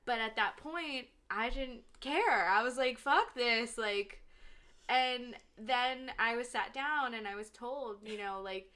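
A woman's voice: on the high side, slow pace. A young woman in casual chat, telling family stories and acting out what relatives said. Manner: animated storyteller acting out family quotes.

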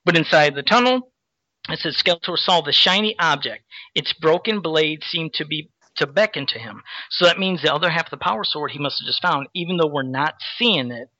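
Bright-voiced man rambling through a comic recap. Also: fairly high pitch, animated, brisk, no room sound. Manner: rambling, many fillers, reads comic captions aloud. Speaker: podcast host recapping a comic. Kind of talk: casual chat. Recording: dull lo-fi sound.

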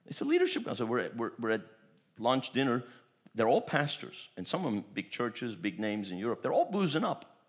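A pastor from Turkey preaching a sermon, telling stories animatedly and often repeating words. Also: male voice, medium pitch, huge pitch swings, a little fast. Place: church.

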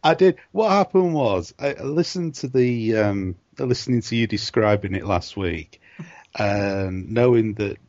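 A man's voice: fairly low pitch, animated, a little slow, a little mellow, no echo. A man co-hosting a podcast, chatting casually in a laid-back way, laughing often and trailing off mid-sentence. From northern England. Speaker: podcast co-host. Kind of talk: casual chat. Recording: dry, dull lo-fi mic.

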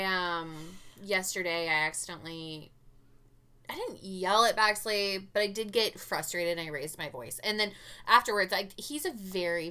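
A woman with a twang and a bright, forward voice. She tells her stories in an animated, candid way and swears without a second thought. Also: on the low side. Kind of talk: casual chat.

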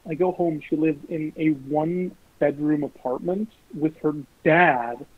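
A young man casually telling animated, sweary stories about his dating life. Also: a little high, a little slow, dry recording. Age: young adult. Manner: animated, swearing, mimics voices in quotes. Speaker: guest. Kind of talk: casual storytelling. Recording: lo-fi phone-like recording.

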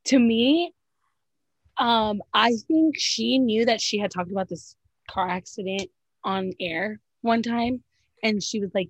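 A woman's voice: on the high side, measured pace, dry recording, rough recording. A woman co-hosting a casual recap of a reality show, blunt and profane, filling her talk with "like" and "literally". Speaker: podcast co-host.

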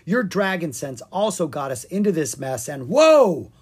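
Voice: mid-range voice, animated, normal speed, husky. A reader voicing a nervous, sarcastic young boy dragon in a children's storybook, speaking in a worried, dry and whiny way. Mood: wary. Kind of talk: storybook character voice.

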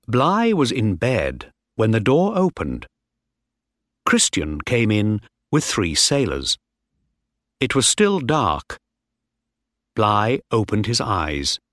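A man reading a story aloud clearly and slowly, as in a graded-reader audiobook. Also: fairly low pitch, huge pitch swings, fairly bright tone, no echo, clean studio sound.

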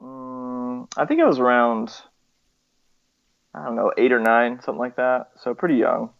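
Young guy, gravelly voice, lots of ums and restarts, kinda muffled recording. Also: mid-range voice, normal speed. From southeastern United States. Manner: hesitant, many fillers and restarts, chuckles often. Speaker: interviewee, nurse. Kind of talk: casual chat.

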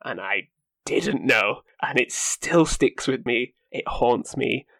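A man's voice: mid-range voice, takes it slowly, vocal fry, a bit bright, dry recording. Wry man hosting a podcast. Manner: wry, jokey, laughs through lines. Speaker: podcast host presenting news segment. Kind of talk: casual podcast chat.

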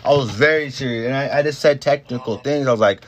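A man's voice: mid-range voice, fast. Young adult man, casual chat, rambling storyteller who swears freely, mid-range voice. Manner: rambling, full of fillers and restarts, swears freely. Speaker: podcast talker telling a work story.

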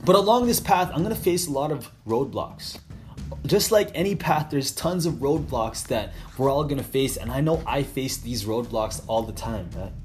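A man at an ordinary mid pitch tells a motivational story, looping back over the same phrases. He keeps repeating himself and pushes hard on key words, rambling with sudden emphatic bursts. Soft music plays faintly underneath. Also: expressive, normal speed. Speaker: motivational speaker.

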